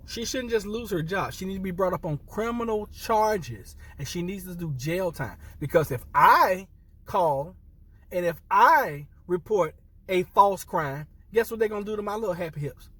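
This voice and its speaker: A man's voice: high voice, normal speed, fairly bright tone, husky, no echo, recorded from a distance. An upset man, a military veteran, speaking earnestly to viewers, repeating himself and restarting phrases as he holds back tears. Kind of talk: impassioned personal commentary to camera.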